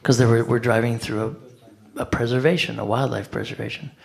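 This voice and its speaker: Man, gravelly voice, casual animated storyteller. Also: medium pitch, fairly quick. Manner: animated, acts out voices, conversational with "like". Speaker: devotee speaker. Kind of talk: anecdotal storytelling talk.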